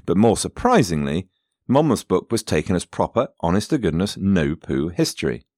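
A man's voice: low-pitched, sing-song, normal speed, darkish tone, dry recording, studio quality. A man narrating history as a podcast host, with wry asides and digressions spoken directly to his listeners.

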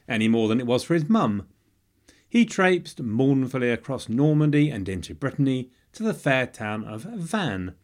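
Male podcast host, scripted history narration, lively up-and-down delivery, dry jokes. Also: medium pitch. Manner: wry, jokey asides.

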